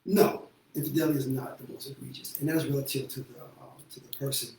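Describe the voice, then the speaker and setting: A man's voice: mid-range voice, steady tone, fast, a little mellow. A man who works as a therapist, talking candidly and bluntly, with a lot of profanity and frequent laughter. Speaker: show host and therapist. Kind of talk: candid casual talk. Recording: echoey room from far off with faint noise.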